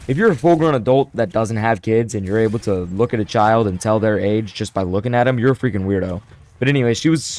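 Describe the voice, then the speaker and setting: Self-mocking young man telling a story. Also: mid-range voice. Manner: animated, self-deprecating, restarts a lot. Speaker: storyteller vlogger. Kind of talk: casual storytime monologue.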